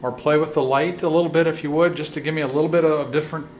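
A man investigating a haunted hospital at night, talking in a hushed voice, often whispering, and calling out to spirits in a cold dark basement. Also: on the high side, steady tone, racing, soft background music. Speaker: paranormal investigator. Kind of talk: ghost hunting vlog commentary.

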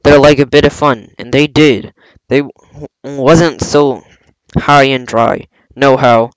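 A man's voice: mid-range voice, slow, smooth, dry recording, close to an everyday voice, poor audio. A man reading aloud, voicing an impatient, surly pirate coxswain who growls his lines. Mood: gruff.

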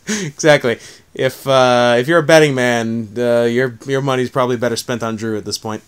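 A man's voice: mid-range voice, unhurried. A young man co-hosting a casual chat podcast who laughs often and swears casually. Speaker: podcast co-host.

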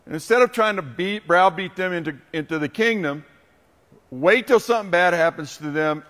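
A man preaching a sermon as pastor, telling a story with passion and building to loud, emphatic peaks. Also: sits high. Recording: long hall reverb.

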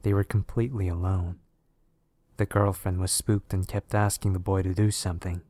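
A man narrating scary stories in a steady, measured way. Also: low-pitched, a little hiss or hum. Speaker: horror story narrator. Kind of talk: scripted narration of horror stories.

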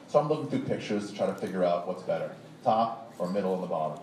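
Male storyteller, rambling and profane, slightly low voice, distant live recording. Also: fast talker, few pauses. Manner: profane, rambling, animated, laughing at own story. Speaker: stand-up storyteller. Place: live show venue with audience. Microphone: distant audience recording. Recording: echoey distant live room recording with noise.

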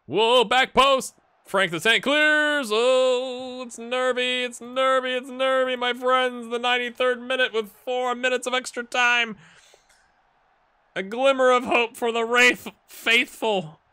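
A man putting on the voice of an excited male football commentator, calling the action in dramatic play-by-play. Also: extremely high pitch, slow pace, smooth, pitched above the performer's own voice, exaggerated voice.

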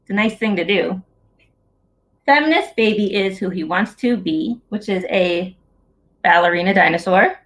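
A woman's voice: medium pitch, normal speed, pauses often, fairly bright tone. A woman in her thirties reading her picture book aloud at a story hour over a video call, in a playful sing-song way that talks straight to young children.

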